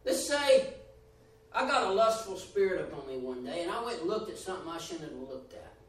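A man's voice: on the high side, animated, fast, fairly bright tone. A man preaching a sermon with rising and falling emphasis, acting out the voices he quotes. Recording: echoey room, voice from a distance.

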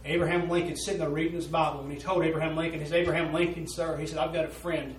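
An earnest man preaching a sermon in a folksy drawl, his voice set a little high. He tells a story with mounting fervor. He is heard from some distance in a reverberant room with a faint hum behind him. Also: level tone, racing. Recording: roomy echo, voice from a distance.

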